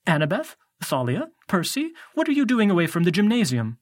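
A dazed older woman teacher, as a man voices her, hesitant and drifting, as if half awake. The voice sits a little raised in pitch, read close in a dry booth. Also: wildly swooping pitch, fairly quick, no room sound. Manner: hesitant, dreamy. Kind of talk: audiobook character voice.

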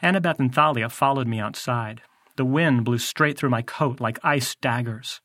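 A man's voice: medium pitch, normal speed, fairly bright tone, dry recording. Wry, dry-recorded male audiobook narrator. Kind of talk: first-person audiobook narration.

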